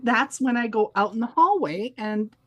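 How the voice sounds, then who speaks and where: Animated female co-host, higher-pitched, for chatty story-driven podcast talk. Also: normal speed. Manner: animated storyteller acting out quoted dialogue. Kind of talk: casual storytelling chat.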